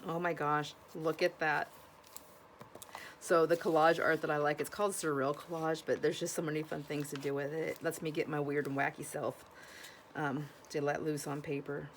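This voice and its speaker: A woman's voice: sits low, level tone, moderate pace, slight background noise. A woman from Washington State chatting casually to camera about her thrift finds, exclaiming and gasping as she goes, and often restarting her sentences. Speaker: vlogger showing thrift finds.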